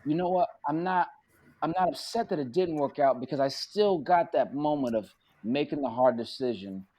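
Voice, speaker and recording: A man, an actor guest on a podcast, telling stories in an animated, casual way with plenty of cursing and acted-out quotes. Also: a little high, normal speed. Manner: animated, profane, acts out quotes. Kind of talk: casual storytelling.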